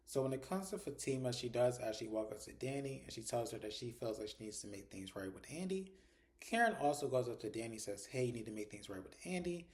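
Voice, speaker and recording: A man races through a casual TV episode recap in a mellow, darker voice. He retells each scene and slips into quick higher-pitched mimicry of the characters' lines. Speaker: TV show reviewer.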